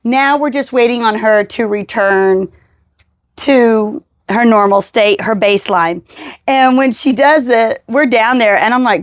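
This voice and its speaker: Woman, podcast host and mom, higher voice, lively storyteller, dry close sound. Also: a little slow, dry recording. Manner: animated storyteller acting out quotes. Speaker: mother and caregiver of a child with seizures. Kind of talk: casual storytelling interview.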